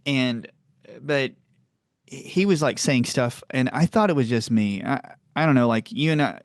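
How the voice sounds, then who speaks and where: A man from the American South hosting a podcast, chatting in a rambling, animated way and laughing often. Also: unhurried, no echo, clean studio sound. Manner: animated, rambling, laughs often, jumps up in pitch when telling stories. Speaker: podcast host. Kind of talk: casual chat.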